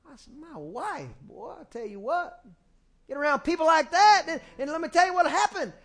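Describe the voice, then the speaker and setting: High-voiced man preaching a folksy sermon. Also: moderate pace. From small-town US. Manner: folksy and animated, acting out family quotes. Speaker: pastor. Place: church sanctuary, music faint behind. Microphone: handheld microphone.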